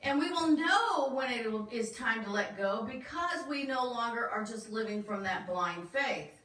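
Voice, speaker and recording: A woman's voice: fairly high pitch, animated, a little slow, fairly bright tone. A woman minister giving a sermon in a church, talking conversationally and asking the congregation questions. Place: church sanctuary. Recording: echoey room from far off.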